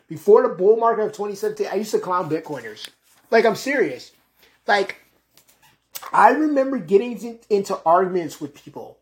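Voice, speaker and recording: A woman's voice: medium pitch, a little mellow. A woman hosting a podcast, talking casually and ranting with lots of swearing and emphatic repetition. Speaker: podcast host.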